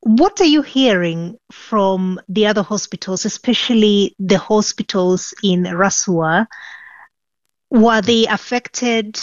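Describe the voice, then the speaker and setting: A woman's voice: mid-range voice, takes it slowly, dry recording. A woman news presenter interviewing a guest with direct, probing questions. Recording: dull, dry studio sound.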